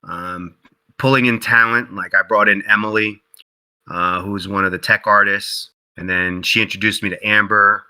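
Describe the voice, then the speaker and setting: A man talks through his story as an interview guest, loose and chatty, leaning on "like" and "you know." His voice is very bright and forward, and he jumps up into a higher pitch whenever he acts out what someone else said. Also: moderate pace, clear, resonant tone, rough recording. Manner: animated storyteller who acts out quotes in a higher voice; heavy use of "like" and "you know". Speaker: interview guest, game developer.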